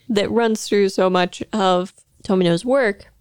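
A woman's voice: medium pitch, takes it slowly, smooth, dry recording, studio quality. A woman co-hosting a podcast, discussing analytically and acting out quotes playfully. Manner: animated, acts out quotes playfully. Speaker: podcast co-host.

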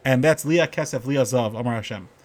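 A middle-aged man giving an informal Torah talk, telling stories and getting animated when he quotes the people in them. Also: medium pitch, brisk. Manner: storytelling, animated when quoting characters.

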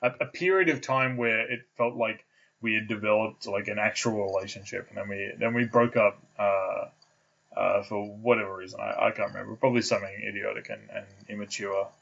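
A man's voice: on the low side, fairly even intonation, a little fast, gravelly, a bit bright. A young man, co-hosting a casual podcast chat and talking hesitantly, with many fillers and restarts. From Australia. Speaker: podcast co-host. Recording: dull lo-fi sound.

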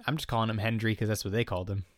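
A man's voice: on the low side, fairly even intonation, very fast, no echo, studio quality. A man co-hosting a casual comedy podcast, recapping an episode in a joking, laid-back way.

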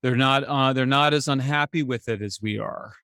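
A man speaking as an author guest in a casual interview, animated and getting exasperated at times. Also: mid-range voice, moderate pace, clean tone, no echo, clean studio sound. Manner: animated, voice jumps up when exasperated.

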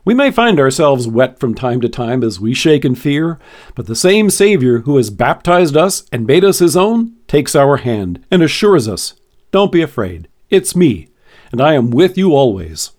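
A man hosting a devotional podcast, reading a scripted devotion with expressive, varied emphasis. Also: medium pitch, moderate pace.

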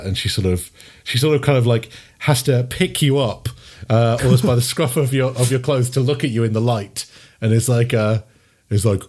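A man narrating as game master, halting with many fillers. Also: mid-range voice, a little mellow. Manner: halting, many ums and uhs, giggly.

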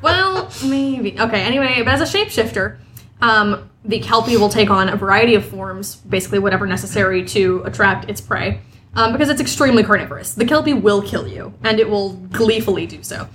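A woman's voice: medium pitch, quick pace, fairly bright tone, a little hiss or hum. A woman hosting a casual podcast. She chats and explains at length and laughs often. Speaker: podcast host. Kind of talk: casual comedic chat.

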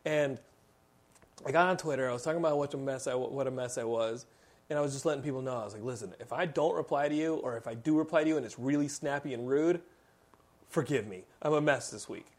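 A male podcast host chatting casually into a studio mic. His talk is animated storytelling, loose and full of fillers and laughs. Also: medium pitch, quick pace. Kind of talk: casual chat.

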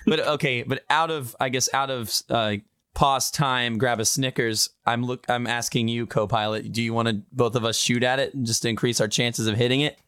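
A man's voice: mid-range voice, fairly even intonation, moderate pace, fairly bright tone, clean tone, no room sound, clean studio sound. A man playing a tabletop role-playing game in casual chat, joking and cursing freely. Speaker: player.

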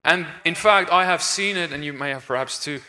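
Speaking briskly on a conference stage about deliverance ministry, a man preaches earnestly and emphatically, restarting his phrases as he goes. His bright, slightly high voice rings out with a long reverb from the large hall.

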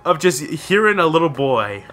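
Lively bright-voiced young man. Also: on the high side, normal speed, faint music behind. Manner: animated, laughing storyteller. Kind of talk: casual chat. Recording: faint background noise.

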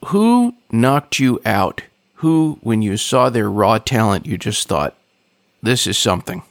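A man's voice: lowish voice, sing-song, unhurried, creaky, no room sound. A man hosting a podcast interview, asking the guest questions with enthusiasm. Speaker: podcast host.

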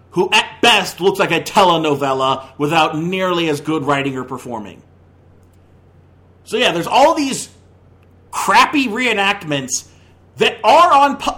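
A man's voice: high voice, fairly bright tone. A man hosting a movie podcast, ranting in a heated, opinionated way, with many stumbling restarts. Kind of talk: casual opinionated review.

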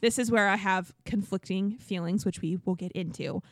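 Chatting about reality TV with her co-host, this woman fills her talk with likes and ums and performs the quotes she recounts. She speaks at a normal speed in a mid-range voice, captured in a studio with no audible room.

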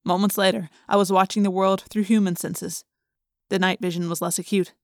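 A woman reading a first-person story aloud as an audiobook narrator, measured and suspenseful. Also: medium pitch, steady tone, no room sound, studio quality.

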